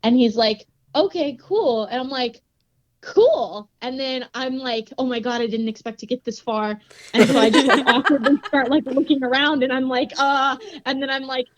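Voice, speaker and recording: Here a young grappler guesting on a podcast chats through a story at normal speed, her high voice giggly and animated, with "like" dropped in again and again. There's no echo, and the sound is lo-fi.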